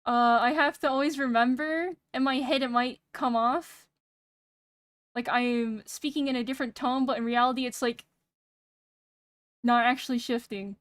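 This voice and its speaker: A young woman streaming casual chat, soft-spoken and a bit monotone, rambling and pausing every few words while she thinks. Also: on the high side, clean tone, no echo, clean studio sound. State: sick. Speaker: VTuber streamer. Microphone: streaming mic with noise gate.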